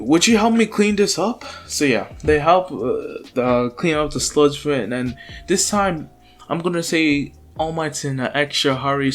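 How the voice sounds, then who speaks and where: A man casually telling a made-up fan story in a loose, chatty way, with slang and fillers. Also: mid-range voice. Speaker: channel host, storyteller. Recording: faint background music.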